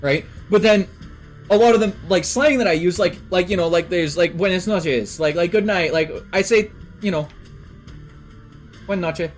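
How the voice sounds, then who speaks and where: A man's voice: sits high, moderate pace, soft background music. A young man from Canada chatting casually on a stream, rambling with lots of fillers and swearing. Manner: rambling, filler-heavy and profane. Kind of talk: casual chat.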